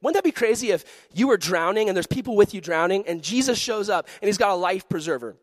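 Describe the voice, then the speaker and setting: High-voiced animated youth pastor, man. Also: fast, dry recording, clean studio sound. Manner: animated storytelling, acting out voices and shouts. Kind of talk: sermon.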